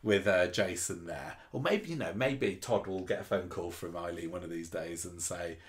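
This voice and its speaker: A man's voice: deep voice, moderate pace. A man in casual podcast chat, thinking aloud and quoting characters as he goes. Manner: musing, with frequent restarts and quoted dialogue. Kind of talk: casual chat about a soap opera.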